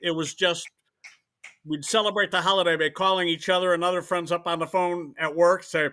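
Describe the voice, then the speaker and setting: A man's voice: high-pitched, steady tone, a little fast, bright, forceful tone. A man guest telling a story in a casual interview, with wry, self-deprecating humor. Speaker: guest, holiday co-creator.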